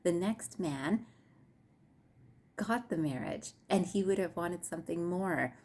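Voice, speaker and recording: A woman hosting her own wellness channel, telling a parable to her viewers in a gentle, measured way. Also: on the low side, expressive. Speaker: host of a mindfulness and grief channel. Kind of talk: storytelling talk to camera.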